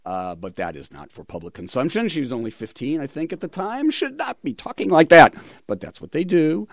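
A man's voice: fairly high pitch, very animated, brisk, gravelly, no echo, studio quality. A middle-aged man hosting a radio talk show, chatting in a rambling way with many fillers.

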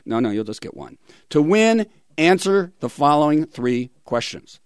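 A man's voice: fairly high pitch, very animated, normal speed, no room sound, clean studio sound. A middle-aged man hosting a radio talk show, chatting in a rambling way with many fillers.

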